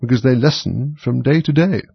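A man's voice: mid-range voice, normal speed, creaky, slightly rough, no room sound, lo-fi sound, voice pushed up. A man voicing the brusque, scolding Gryphon. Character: brusque, impatient winged beast, male. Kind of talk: storybook reading.

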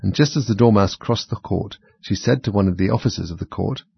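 A man reading a children's story aloud at a steady, measured pace. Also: lowish voice, gravelly, slightly rough. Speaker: narrator. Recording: dry, slightly dull recording.

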